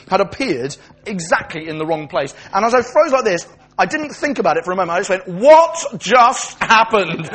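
A man's voice: sits high, breathy edge. A man preaching a sermon, telling stories and acting out the voices of the people he quotes.

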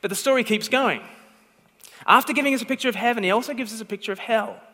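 A man's voice: very high-pitched, fast, bright, forceful tone, in a large hall. A man preaching a sermon, telling a story emphatically and often checking in with the listeners. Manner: emphatic storytelling, repeated "okay?" check-ins.

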